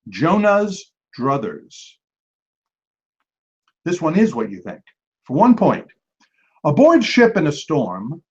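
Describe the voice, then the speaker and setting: A man hosting a trivia match, reading each clue and then repeating it slowly, with quick joking asides to the teams. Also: a little high. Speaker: trivia quizmaster. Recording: dull lo-fi recording.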